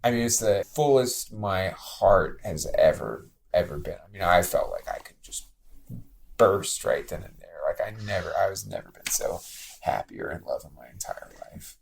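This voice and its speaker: A man's voice: low voice, expressive, normal speed, vocal fry. A man telling stories as a guest, rambling and emotional with many restarts. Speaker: guest, bookstore co-owner. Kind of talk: casual storytelling conversation.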